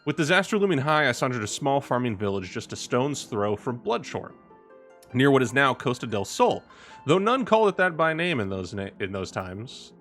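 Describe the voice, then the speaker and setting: Courtly, gentle minstrel read by a man, lively ornate delivery, soft game music underneath. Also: medium pitch, moderate pace. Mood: storytelling. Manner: reads ornate in-game dialogue aloud.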